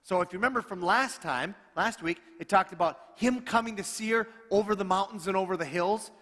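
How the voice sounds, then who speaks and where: A middle-aged man preaching a storytelling sermon as a pastor, animated and acting out the dialogue in his stories. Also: high voice, a little fast. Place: church sanctuary. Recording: long reverb of a church hall.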